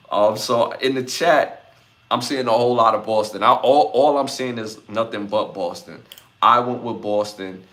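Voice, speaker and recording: A man's voice: lowish voice, a bit bright. A man from Brooklyn, hosting a live podcast, reading out chat comments and repeating his lists. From Brooklyn, New York. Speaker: podcast host.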